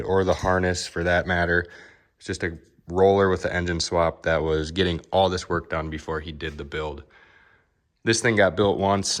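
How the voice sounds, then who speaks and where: A man's voice: low voice, fairly bright tone. A young man working as a car fabricator, casually rambling through a shop vlog with lots of fillers. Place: car workshop.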